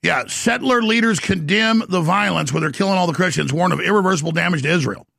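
A middle-aged talk show host rants in a combative, bragging monologue, his high-pitched voice deeply gravelly and strained. He's a fast talker with a slightly bright tone, and the recording is dry, close and bone-dry.

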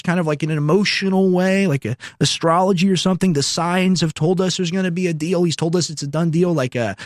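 A man hosts an opinionated political talk show, sarcastic and loose as he reads posts aloud and adds asides. His voice sits somewhat high. The sound is dry, without any room echo. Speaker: political commentary host.

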